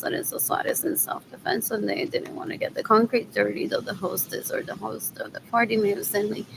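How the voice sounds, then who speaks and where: Rambling woman with a creaky voice. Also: medium pitch, noisy background. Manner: repetitive, drifting, mutters asides, drops Spanish words. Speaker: vlogger. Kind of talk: rambling monologue to camera.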